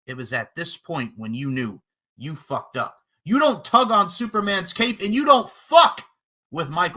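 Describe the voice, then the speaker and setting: A man's voice: high-pitched, bright, forceful tone. A man with a brash, boastful manner, cutting a profane, taunting wrestling trash-talk promo as a podcast personality.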